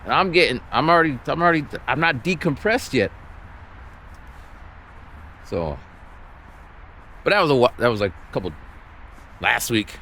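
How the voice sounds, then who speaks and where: A man ranting and telling a story while walking outdoors, exasperated and animated. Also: medium pitch, moderate pace, pauses often, a little hiss or hum. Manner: exasperated, animated, acts out the people he quotes. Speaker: vlogger.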